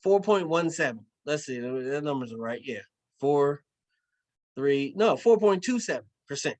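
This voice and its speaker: A middle-aged man giving a casual, animated sales pitch for an investment program, repeating phrases and using slang. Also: moderate pace, rough recording. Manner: animated, repetitive, slangy storytelling.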